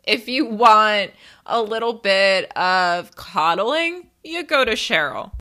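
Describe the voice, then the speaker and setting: A woman's voice: medium pitch, expressive, slow, bright, forceful tone. A woman in her thirties telling a candid, funny family story in a casual monologue, swearing and laughing at herself. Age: 30s.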